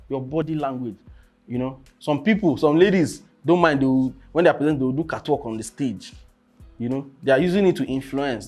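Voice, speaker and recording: Speaking at a medium pitch, a young man offers casual coaching on how to give presentations. He keeps asking "you understand?" and now and then erupts into sudden loudness.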